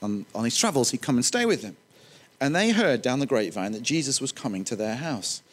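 A man preaching a sermon, animated, with joking, self-deprecating asides. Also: mid-range voice, brisk.

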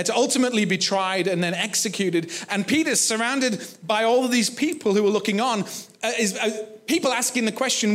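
A man preaching a sermon, retelling a story in a reflective way, with frequent pauses and restarts. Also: high voice, a bit bright.

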